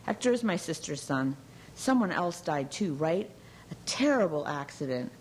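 A weary young caterer in a storybook reading, answering with wry, sardonic remarks in a low voice, as the woman narrator reads her. There is a bitter edge under her calm. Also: moderate pace, slight background noise, poor audio.

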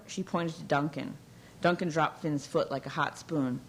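A woman with a low, grounded voice reads a novel aloud. Her storytelling is measured and even, in scripted narration. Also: slight background noise, rough recording. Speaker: audiobook narrator.

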